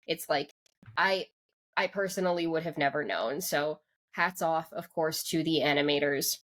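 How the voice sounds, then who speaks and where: Woman podcast host gushing about anime, rambly, says like a lot, lowish voice. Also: moderate pace, fairly bright tone. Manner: rambling, full of "like" fillers and restarts. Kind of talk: casual anime review chat.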